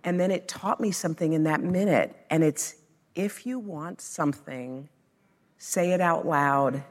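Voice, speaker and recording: A woman's voice: low voice, unhurried, long reverb tail. A woman guest sharing a personal story in conversation, emotional and building to hopeful emphasis.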